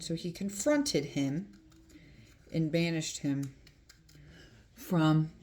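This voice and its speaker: A woman's voice: sits low, extremely slow, darkish tone. A woman chatting casually while doing her makeup, retelling a myth with lots of fillers and asides. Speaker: beauty vlogger.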